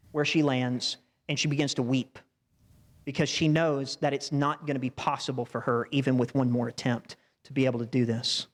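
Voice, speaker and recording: A man preaching a sermon in a church, talking to the congregation in a conversational way with asides like "wouldn't you say?". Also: mid-range voice. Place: church sanctuary. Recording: reverberant church hall.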